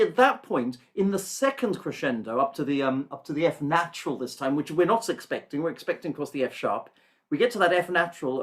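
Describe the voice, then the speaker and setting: A man teaching an online singing masterclass over a video call, gentle and thoughtful, searching for words and humming rhythms to demonstrate. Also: a little high.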